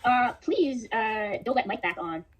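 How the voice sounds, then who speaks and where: A woman's voice: on the high side, lively intonation, a little slow. A young woman streaming live, ranting angrily at her chat and swearing constantly. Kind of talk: angry livestream rant.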